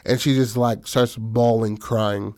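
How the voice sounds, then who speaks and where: A man's voice: mid-range voice, steady tone, slow, a little mellow. A man in casual chat, retelling a film story in slangy, profane talk full of fillers. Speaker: co-writer pitching a film story.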